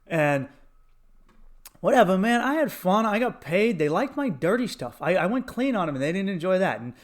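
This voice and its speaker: A man's voice: high-pitched, very animated, normal speed. A man hosting a comedy podcast, telling a profane story with lots of laughter and acted quotes.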